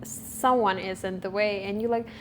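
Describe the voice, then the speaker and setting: A woman's voice: mid-range voice, steady tone, moderate pace, a little hiss or hum. A woman in her twenties talking to the camera for her vlog, thoughtful and often searching for her words. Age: 20s. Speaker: vlogger. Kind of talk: reflective talk to camera. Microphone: camera recording.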